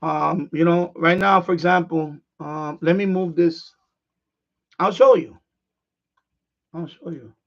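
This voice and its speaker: Man, high voice, casual live demonstration, rambling, handling gear, dull lo-fi sound. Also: steady tone, unhurried, vocal fry. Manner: rambling, restarts, talks to viewers while handling gear. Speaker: ham radio livestream host. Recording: dull lo-fi stream audio.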